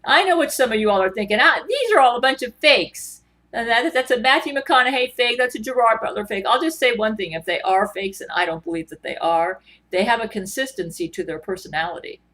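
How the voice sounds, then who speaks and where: A woman's voice: medium pitch, fast, hardly any pauses, a bit bright. A woman vlogger in a rambling, earnest monologue, full of ums and restarts. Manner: rambling, filler-heavy, earnest.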